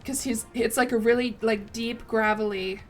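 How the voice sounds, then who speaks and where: A woman streams a strategy game, her slightly high voice chatting along in a loose, rambling way as she thanks chat and pokes fun at herself. Faint music plays quietly under her talk. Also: steady tone, moderate pace. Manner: chatty, rambling, self-deprecating, reads out chat. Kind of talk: casual gameplay stream chat.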